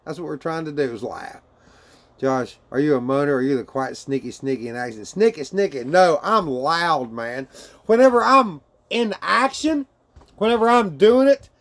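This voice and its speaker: A man talking casually and crudely on a live stream from his bedroom, laughing often and calling people man and dude as he answers viewer chat. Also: on the high side.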